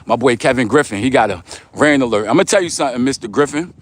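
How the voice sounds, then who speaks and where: A man's voice: medium pitch, fast. A middle-aged man with a New York accent, walking outdoors before dawn and reading live chat comments aloud in a laid-back, streetwise way. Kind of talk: casual livestream chat while walking.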